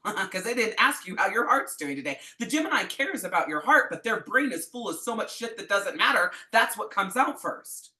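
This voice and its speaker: A middle-aged woman teaches astrology in a loose, live-session way. Her voice is bright and sharp, and she talks bluntly and swears freely for emphasis. The sound rings in an echoey room. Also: lowish voice. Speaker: astrology coach.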